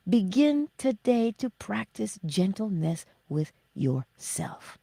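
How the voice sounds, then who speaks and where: A middle-aged woman hosting a motivational livestream, speaking slowly and emphatically and often dropping to a breathy whisper. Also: medium pitch, big pitch swings, dark tone, no echo. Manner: acts out her own self-talk in little voices. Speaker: livestream host.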